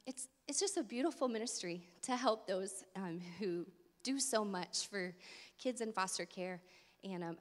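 Breathless, friendly woman presenting to a congregation, mid-pitched, in a reverberant church hall. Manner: friendly, informal, many ums. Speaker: ministry director. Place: church sanctuary.

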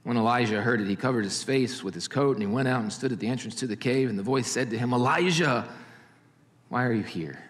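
A male pastor preaching with animated storytelling, rising to loud passages and dropping to hushed ones. His voice sits in a mid register and rings out with a long hall reverb. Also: mid-range voice, fast talker, hardly any pauses. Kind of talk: sermon.

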